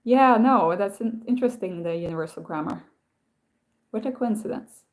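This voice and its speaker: A woman hosts a casual live stream with a voice of ordinary pitch. She rambles through her stories, often stops and starts her sentences again, and turns to read and answer viewer comments. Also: expressive, normal speed. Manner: rambling, self-interrupting storytelling with many restarts.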